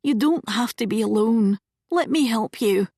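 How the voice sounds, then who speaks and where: A woman's voice: on the high side, expressive, unhurried, gravelly, warm tone, slightly rough, no echo, clean studio sound, full character voice. A woman playing an eager, insistent young friend. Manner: insistent, breathless. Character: loyal young female friend, eager and pressing.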